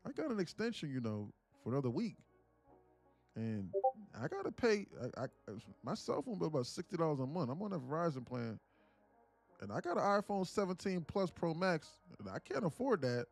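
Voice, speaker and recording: A man's voice: a little high, very animated, brisk, gravelly, faint music behind. A man, a live-stream day trader, chatting casually and profanely, joking and reading viewers' comments aloud. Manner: joking, profane, slangy, reads chat aloud.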